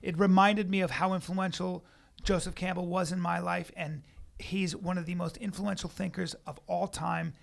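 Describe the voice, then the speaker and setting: A man co-hosting a podcast in casual chat, talking in an excitable, emphatic way. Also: sits high, normal speed, gravelly. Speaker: podcast co-host, comedian.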